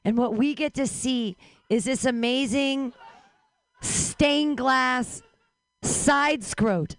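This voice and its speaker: A woman's voice: high-pitched, drawn-out words, dry recording. A woman host closing the show with a playful stand-up bit. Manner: playful, building to excited shouts. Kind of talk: stand-up set.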